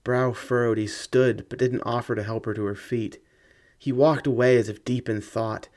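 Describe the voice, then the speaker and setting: Male audiobook narrator, mid-pitched, measured dramatic storytelling. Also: steady tone, darkish tone.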